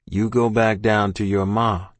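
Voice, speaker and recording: A man voicing a protective uncle who gives firm, forceful commands. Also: fairly low pitch, flat delivery, measured pace, no echo, natural voice. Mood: stern.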